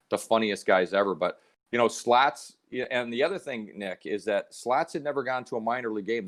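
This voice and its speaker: A middle-aged man from Canada, a hockey analyst, telling stories in a casual podcast chat and acting out the voices he quotes. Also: lowish voice. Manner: animated storyteller, acts out quoted voices.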